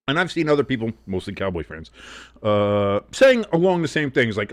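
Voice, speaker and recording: Male host, casual live sports chat, rambling and profane, pitch all over the place. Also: big pitch swings, moderate pace, no echo, studio quality.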